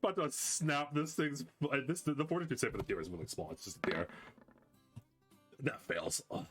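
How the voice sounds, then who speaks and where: A man's voice: a little high, big pitch swings, fairly quick, fairly bright tone, faint music behind. A man narrating a tabletop game as game master in a casual, rambling way with many fillers.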